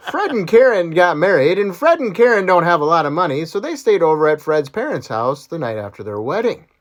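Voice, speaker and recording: A man telling jokes in a loose, casual way and laughing out loud at his own punchlines. His voice is fairly high and very animated. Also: brisk, hardly any pauses. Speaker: joke teller.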